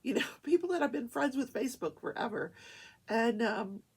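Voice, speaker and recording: A woman hosts a casual crafting show from her small home studio. Her voice is husky, and her pitch rises and falls in lively swoops. She rambles from one topic to the next in a chatty, animated way. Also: moderate pace. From Wichita, Kansas, USA. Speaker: host of a daily crafting talk show. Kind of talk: casual chat while crafting.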